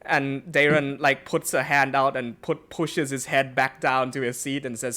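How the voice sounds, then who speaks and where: A man's voice: medium pitch, flat delivery, a little slow, hardly any pauses, bright, forceful tone. A man narrating a tabletop game as game master, rambling with fillers and laughing often.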